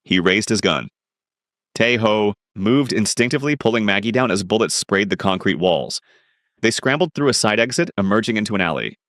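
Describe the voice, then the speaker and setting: A man's voice: on the low side, expressive, brisk, a bit bright, dry recording, clean studio sound. A man narrating a dramatic crime romance story.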